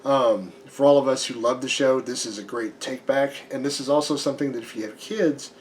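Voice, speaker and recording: A man with a slightly hoarse voice giving a casual, chatty comic book review, full of ums and restarts. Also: medium pitch, brisk, a little hiss or hum.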